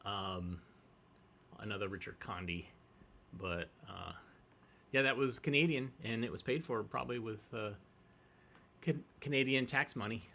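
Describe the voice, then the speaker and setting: A man's voice: fairly low pitch, unhurried, creaky, long pauses. A man casually hosting a vintage film stream, rambling between films. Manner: relaxed, rambling, with fillers. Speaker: host. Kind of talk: casual livestream commentary.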